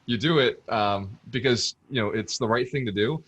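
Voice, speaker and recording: A man hosting a casual interview, asking relaxed, friendly questions as a real estate coach. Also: mid-range voice, moderate pace, slightly rough.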